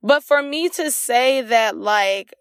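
A woman's voice: a little high, slow, smooth, no echo, studio quality. A young woman hosting a solo podcast, telling a raw, emotional personal story with many fillers. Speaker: podcast host. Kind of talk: candid solo podcast monologue.

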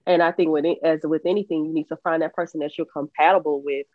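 A woman's voice: low voice, fairly even intonation, quick pace, no echo. A woman co-hosting a podcast, talking in a candid, earnest way with laughs between her points. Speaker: podcast co-host. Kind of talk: casual podcast conversation. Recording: slightly dull, muffled audio.

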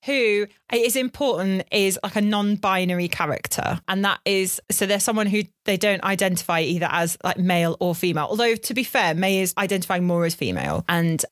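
A woman with a mid-pitched voice, walking through a story in casual podcast chat. She adds explanatory, teacherly asides. The recording is dry and close. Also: lively intonation, fairly quick, hardly any pauses, no room sound. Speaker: podcast co-host.

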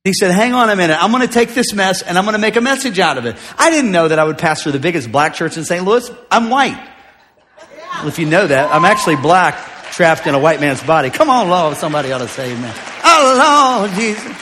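A high-pitched male preacher, his sharp, bright voice ringing through a large church hall with faint music underneath. He trades jokes for shouted declarations. The room's long reverb trails every phrase. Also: expressive, fast talker, a faint crowd. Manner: builds from joking asides to shouted declarations. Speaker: pastor. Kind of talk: preaching a sermon.

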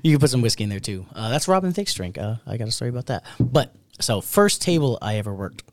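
A man's voice: medium pitch, big pitch swings, fast, no echo, clean studio sound. Chatty man telling laid-back stories. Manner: laughs often, chatty storyteller. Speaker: podcast co-host; restaurant server. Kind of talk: casual chat.

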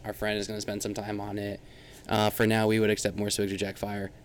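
A man's voice: on the low side, monotone, brisk. Goofy man co-hosting a livestream, faint room hum. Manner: goofy, laughing, teasing. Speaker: podcast co-host. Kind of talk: casual livestream chat.

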